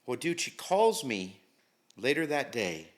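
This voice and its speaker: A man's voice: mid-range voice, very animated, unhurried. Candid middle-aged man telling his story. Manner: candid, slangy, swears freely. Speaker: interview guest. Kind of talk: casual storytelling.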